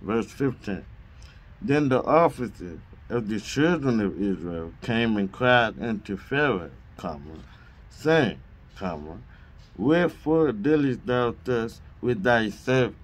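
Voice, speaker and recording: Slow deliberate man reading scripture. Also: mid-range voice, lively intonation. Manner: reads punctuation marks aloud, deliberate; occasional stumbles and restarts. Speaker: Bible reader.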